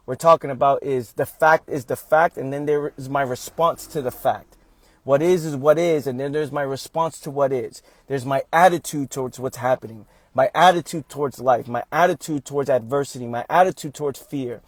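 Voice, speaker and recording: A man's voice: medium pitch, no room sound. A man giving a motivational talk on a livestream, speaking emphatically, repeating his points and calling his listeners "fam".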